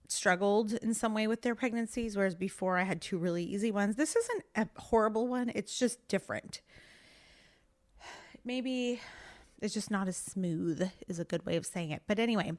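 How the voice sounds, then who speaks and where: A pregnant woman in her thirties hosts a casual solo podcast, talking candidly with lots of filler words and sounding a little out of breath. Her voice is medium-pitched at normal speed.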